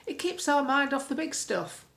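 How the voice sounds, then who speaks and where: A woman's voice: high voice, animated, moderate pace, creaky, fairly bright tone. A woman from the UK, a political commentator, recording a blunt, opinionated vlog monologue at home with colourful sayings. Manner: blunt, colloquial, earthy sayings.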